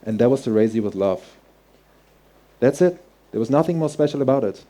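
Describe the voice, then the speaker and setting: A man voicing his gentle, loving father, who speaks plainly and reassuringly. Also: medium pitch, animated, brisk, close to an everyday voice.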